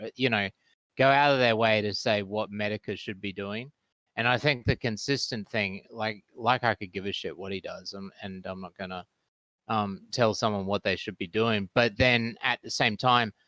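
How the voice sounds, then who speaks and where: A man with an Australian accent, a guest on a voice chat, talking hesitantly with many pauses. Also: on the low side, sharp tone, no room sound. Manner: hesitant, full of ums and restarts. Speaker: call-in guest. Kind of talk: casual voice-chat debate.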